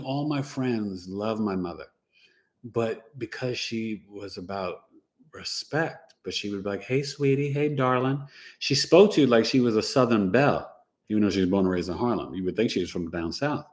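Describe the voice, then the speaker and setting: A man hosting a casual podcast, telling animated family anecdotes with laughs and sound effects. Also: on the low side, moderate pace. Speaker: podcast host and astrologer. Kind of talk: casual storytelling chat.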